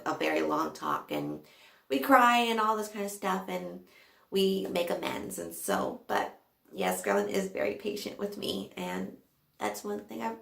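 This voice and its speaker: A woman's voice: mid-range voice, creaky, a bit bright. A young woman vlogger tells a personal story to her viewers, emotional and often laughing or near tears. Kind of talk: casual storytelling to camera. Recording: echoey room.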